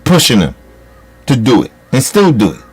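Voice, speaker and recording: A man's voice: mid-range voice, wildly swooping pitch, normal speed, breathy edge. A man delivering a heated, profane political rant as a commentator, scolding his listeners.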